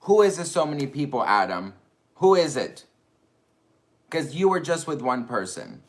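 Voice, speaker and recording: A man's voice: on the high side, sing-song, normal speed. A man making an indignant video, firing off rhetorical questions and repeating his points. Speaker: YouTuber defending himself.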